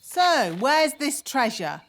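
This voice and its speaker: An actress voicing a no-nonsense fairy nanny who speaks briskly and casts rhyming spells. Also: female voice, high-pitched, very animated, exaggerated voice. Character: bossy fairy nanny woman, matter-of-fact.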